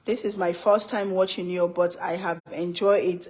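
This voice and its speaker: Middle-aged woman host, cooking stream from the home kitchen, chatty and teasing, quick laughs. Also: mid-range voice, steady tone, a little mellow. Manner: chatty, playful, laughs often. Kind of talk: casual livestream cooking chat.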